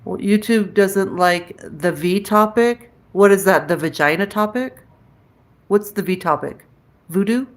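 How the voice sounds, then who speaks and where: Slow, chatty livestream woman. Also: medium pitch. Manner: chatty, reads and answers viewer comments aloud; frank, cusses casually. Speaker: livestream host chatting with viewers. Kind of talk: casual live-chat talk.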